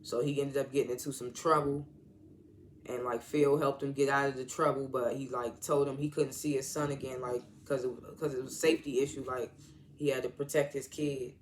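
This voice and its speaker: A man's voice: medium pitch, little pitch movement, fairly quick, slight background noise. A man casually recapping a TV episode in a rambling, slangy way, full of "like" and restarts. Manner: rambling, heavy use of "like", restarts; slangy, informal grammar. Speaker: TV episode reviewer.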